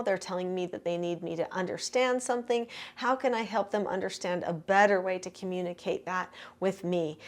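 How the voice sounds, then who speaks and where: An older woman, a parenting coach, giving earnest and steady advice in an instructional talk. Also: mid-range voice.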